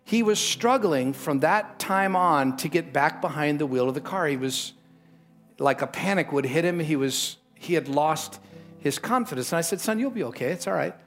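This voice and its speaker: A middle-aged man preaching a sermon as pastor, emphatic, with sudden lifts in pitch and a storytelling manner. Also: moderate pace, fairly bright tone, faint music behind.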